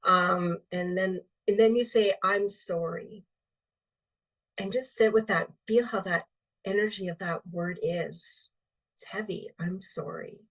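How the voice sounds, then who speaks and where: A woman speaking as a healing medium guest in a relaxed interview, rambling with many fillers. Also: mid-range voice, measured pace, recorded from a distance. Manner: meandering, filler-heavy, lots of um and like.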